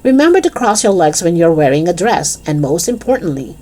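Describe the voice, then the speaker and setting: A woman reading a children's chapter book aloud in an expressive, lively storytelling manner. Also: on the low side, a little fast.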